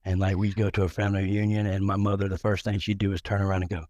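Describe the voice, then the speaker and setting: A man's voice: lowish voice, steady tone, fast talker, a little mellow, no echo. A middle-aged man telling crude, joking stories on a live talk show, rambling along with many restarts and repeated words.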